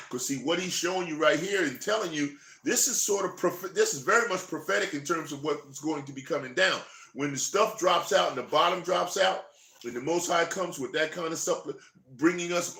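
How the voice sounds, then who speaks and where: A man teaching from scripture, drawing out the verses slowly before jumping into lively, chuckling commentary. His voice is bright and forceful, and it rings in an echoey room. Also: fairly high pitch. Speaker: Bible teacher. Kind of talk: Bible study, reading scripture aloud.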